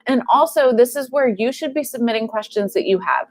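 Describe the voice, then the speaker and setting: A woman's voice: a little high, lively intonation, brisk, no echo. A woman in her thirties, a clinician, hosting a live stream Q&A with upbeat, chatty announcements. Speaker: host and clinician.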